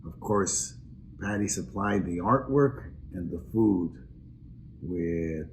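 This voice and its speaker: An older man giving a personal, earnest introduction speech at an awards event, pausing with fillers as he reminisces. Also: low voice, animated, a little hiss or hum. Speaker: award presenter.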